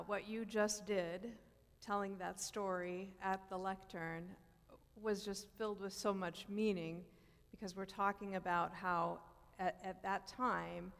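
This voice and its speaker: A woman moderating a panel discussion, asking reflective questions in a conversational way. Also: mid-range voice. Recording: long church hall reverb.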